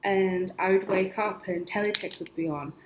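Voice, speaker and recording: In an echoey room with a bit of faint noise, a young woman tells her dreams for her vlog in casual storytelling fashion. Her voice is medium-pitched with fairly even intonation and a moderate pace, and her chatty, rambling talk is sprinkled with "like" and small laughs.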